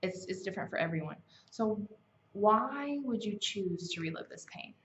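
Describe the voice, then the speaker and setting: A woman with an animated, mid-range, slightly bright voice speaks at normal speed while hosting a self-help challenge. Her casual motivational teaching is conversational, full of fillers and self-corrections, and the recording sounds slightly dull and lo-fi.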